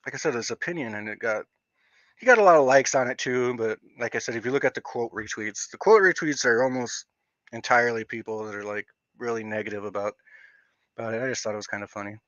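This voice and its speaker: Bright-voiced streamer man with a slight stutter. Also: mid-range voice, quick pace, no echo, highs cut off. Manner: rambling, with frequent fillers and restarts. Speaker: livestream host. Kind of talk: casual livestream rant.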